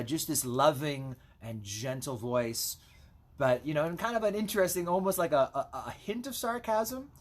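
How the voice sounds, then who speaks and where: A man as a pastor, giving a casual Bible devotional with chatty asides while he reads scripture. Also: mid-range voice.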